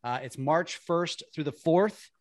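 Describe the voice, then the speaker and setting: Energetic man host, higher voice. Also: slow pace, no echo, clean studio sound. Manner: energetic, stammering restarts. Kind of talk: casual interview chat.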